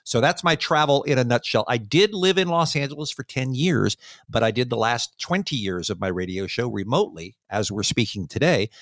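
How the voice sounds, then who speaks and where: A man who hosts a radio show, talking in a relaxed, measured way from his home studio. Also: mid-range voice, no echo. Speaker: radio host. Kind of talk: remote interview chat. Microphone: home studio microphone.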